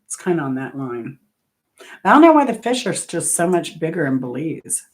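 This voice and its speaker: A low-voiced woman hosting a music trivia channel talks at normal speed with big swings in pitch. In a loose, casual chat she strays into travel anecdotes, correcting herself and laughing.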